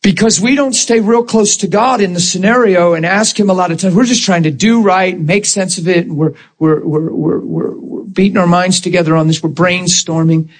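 Speaking at normal speed with few pauses, this minister sits high in pitch. He's an animated Christian storyteller in conversation, stressing his points and frequently breaking into laughter.

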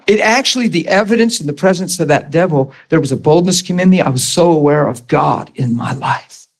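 A man's voice: a little high, fairly quick. A man preaching an informal sermon to a Bible school class, earnest and emphatic, laughing often and asking the room questions. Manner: laughs often, jokes with the class, acts out quoted voices.

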